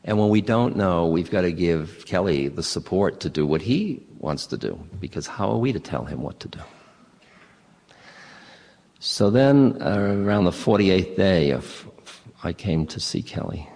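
A man giving a spiritual talk, telling stories in an unhurried way with halting restarts. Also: sits low, animated, a little mellow. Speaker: spiritual teacher. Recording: long hall reverb.

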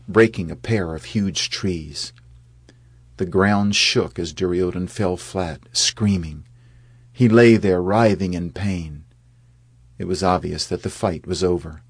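A man reading an epic tale aloud in measured scripted narration, lifting his voice for the quoted speeches. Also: sits low, dry recording.

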